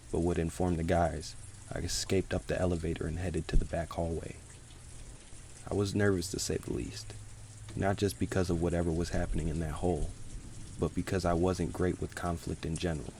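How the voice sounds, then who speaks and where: Low-voiced guy reading a creepy story, slow and grave, faint rain behind him. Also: mellow, a little hiss or hum. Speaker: horror story narrator. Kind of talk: scripted horror narration. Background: rain sounds.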